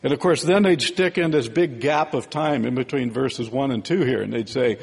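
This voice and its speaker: Gravelly man preaching in a hall. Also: mid-range voice, moderate pace. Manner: conversational, digressive Bible teaching with frequent "right?" and "okay?". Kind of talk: sermon.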